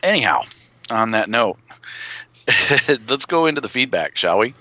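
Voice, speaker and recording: A man's voice: mid-range voice, sing-song, measured pace, bright, forceful tone. A man co-hosting a casual podcast, joking and rambling with many restarts. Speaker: podcast co-host.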